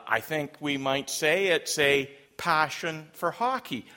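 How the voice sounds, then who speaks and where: A Canadian man delivers a sermon at an unhurried, deliberate pace. He preaches in a relaxed, conversational way, dropping in light humor and frequent ums and uhs. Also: medium pitch. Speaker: pastor.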